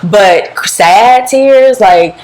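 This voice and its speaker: A woman's voice: medium pitch, extremely slow, rough recording. A young adult woman co-hosting a podcast, talking openly and candidly in casual chat. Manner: open, candid and animated. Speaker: podcast co-host.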